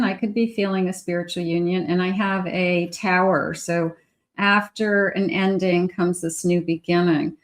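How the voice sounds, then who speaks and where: A woman doing a casual tarot reading, speaking slowly and thoughtfully. She thinks aloud as she pulls cards, now and then addressing spirit directly. Her voice sits at an ordinary middle pitch. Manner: unhurried, musing aloud, talking to spirit. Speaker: psychic tarot reader.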